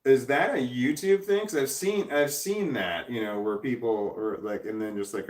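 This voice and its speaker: An American man hosting a casual livestream, reading viewer comments aloud and rambling, thinking out loud and trailing off. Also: medium pitch, big pitch swings, measured pace, hardly any pauses, reverberant, distant mic. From United States. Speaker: livestream host.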